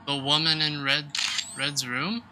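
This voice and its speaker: A man giving live commentary while playing a horror game, jumpy and quick to exclaim and swear at every scare. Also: fairly high pitch, level tone, pushed and bright, slight background noise. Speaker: let's play host.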